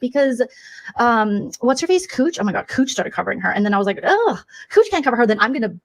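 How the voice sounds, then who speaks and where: A woman's voice: a little high, sing-song, fast. A woman doing a comedic impression of a self-absorbed 54-year-old livestreamer, rattling off gossip with gasps, swearing and mock innocence. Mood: catty gossip.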